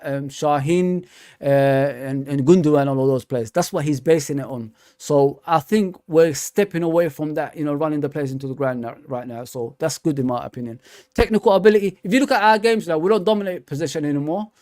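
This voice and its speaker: A man's voice: fairly high pitch, brisk, darkish tone, no echo. A young man hosting a football fan stream, rambling and repeating himself in loose slangy chat. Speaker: fan channel host. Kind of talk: casual live stream chat.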